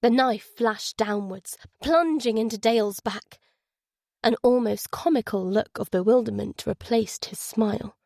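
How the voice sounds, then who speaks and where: A female audiobook narrator reads a scripted thriller in a measured, suspenseful manner. Her mid-range voice has a darkish tone, captured in a dry, studio-quality recording.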